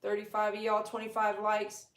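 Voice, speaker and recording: A woman's voice: completely flat delivery, moderate pace, reverberant. A woman, a pet groomer chatting casually on a live stream from her living room and cooing at her dogs. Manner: chatty, talks to her dogs in a high baby voice. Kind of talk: casual livestream chat.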